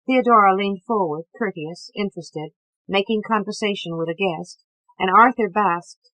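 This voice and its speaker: A woman narrating a novel in a measured, even reading voice. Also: mid-range voice, no room sound, poor audio. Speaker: audiobook narrator.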